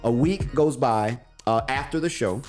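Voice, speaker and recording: A man's voice: medium pitch, measured pace, faint music behind. Man animatedly telling a story on radio. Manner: animated storyteller acting out quoted voices. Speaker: radio show co-host. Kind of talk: casual storytelling on talk radio.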